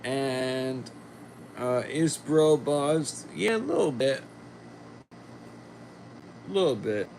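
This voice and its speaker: A man hosts a casual livestream, reading viewer comments in a slow, rambling drawl and letting his sentences trail off. He sounds a little under the weather, and the pitch of his voice sits in the middle of the range. A faint air-conditioning hum runs underneath. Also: lively intonation, creaky, a little mellow. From Philadelphia. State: a little sick. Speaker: livestream host.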